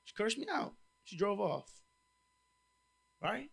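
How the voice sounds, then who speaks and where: A young man preaching a sermon, telling lively personal stories and calling out to the congregation. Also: high-pitched, measured pace, gravelly, long pauses, breathy edge. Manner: lively storytelling with crowd call-outs. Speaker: church intern preaching.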